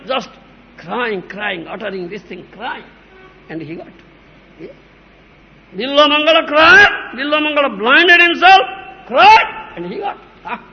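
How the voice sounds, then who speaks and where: A man's voice: very high-pitched, creaky. A man giving a devotional lecture as a spiritual teacher, repeating himself and checking that listeners understand, now and then chanting verses. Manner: repetitive, asks listeners "huh?", "understand?". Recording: dull lo-fi recording in a reverberant hall.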